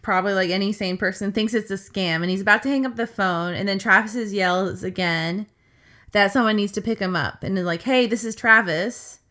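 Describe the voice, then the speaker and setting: Bright-voiced woman telling a story. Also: mid-range voice, steady tone, fairly quick. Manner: chatty, filler-heavy retelling with asides. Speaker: podcast co-host. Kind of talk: casual storytelling chat.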